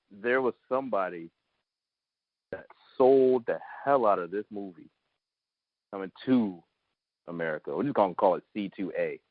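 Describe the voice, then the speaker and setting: A very deep-voiced man rants bluntly and with sarcasm on a casual podcast. His voice comes through a tinny, phone-like line that is very dry. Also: no echo. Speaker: podcast co-host. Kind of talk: casual chat.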